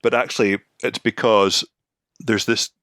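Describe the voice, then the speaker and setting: Low-voiced man in casual podcast chat. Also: steady tone, a little slow, sharp tone, dry recording, studio quality. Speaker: podcast co-host. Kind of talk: casual movie review chat.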